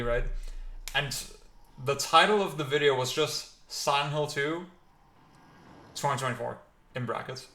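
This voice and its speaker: A male streamer chatting casually while gaming, rambling with fillers and excited outbursts. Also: mid-range voice. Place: new apartment. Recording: roomy, noisy.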